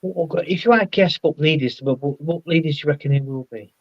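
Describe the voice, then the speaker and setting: A man with a somewhat high voice chats as a guest on a casual live show, rambling and searching for words. His sound comes through dull and lo-fi, like a remote call. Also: quick pace, no echo. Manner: rambling, hesitant, many restarts and fillers. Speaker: guest co-host. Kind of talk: casual livestream chat.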